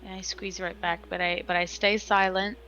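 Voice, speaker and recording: A woman's voice: mid-range voice, little pitch movement, moderate pace, vocal fry, bright, forceful tone, dull audio. A woman playing a tabletop game, describing her character's actions hesitantly and thinking aloud. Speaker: player.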